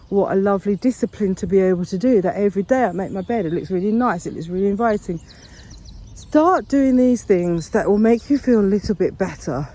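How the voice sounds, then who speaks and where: A woman's voice: lowish voice, dark tone. A woman talking earnestly and encouragingly in a casual walk-and-talk vlog outdoors, rambling a little as she goes. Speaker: vlogger. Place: outdoors on a walk along a path.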